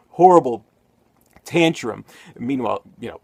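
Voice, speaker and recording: A man's voice: medium pitch, lively intonation, a little slow, long pauses, a little mellow, breathy edge, no echo. A man giving a casual spoken movie review, rambling with many fillers and restarts.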